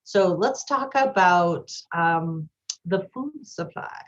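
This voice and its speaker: A woman's voice: on the low side, takes it slowly, highs cut off. Sarcastic woman podcast co-host. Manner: animated, sarcastic, reads out listener comments. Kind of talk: casual political commentary chat.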